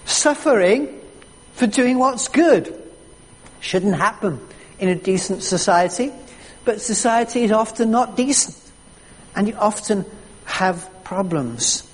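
A preacher delivering a sermon with slow, emphatic storytelling. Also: mid-range voice, expressive, slightly rough. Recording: echoey hall reverb.

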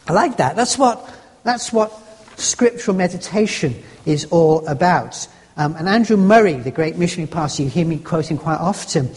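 A preacher giving a devotional teaching talk in a homely, conversational way, slowly rereading a verse with the stress on a new word each time. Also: mid-range voice, lively intonation, a little mellow. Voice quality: homely, conversational, musing aloud with restarts. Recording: long reverb of a large hall.

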